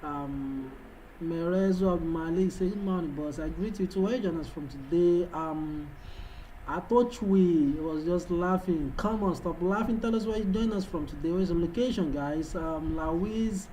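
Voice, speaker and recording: A Nigerian trading analyst whose first language is Yoruba hosts a livestream, talking at normal speed in a somewhat high, dark voice over poor audio with slight background noise. He hypes up viewers with repeated calls, putting on a foreign-sounding English accent as he chats with them live.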